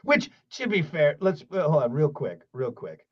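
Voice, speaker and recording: A man hosting a morning radio show, bantering in an animated, jokey way, swinging between loud outbursts and quiet asides. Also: a little high, moderate pace, dull audio. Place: radio studio.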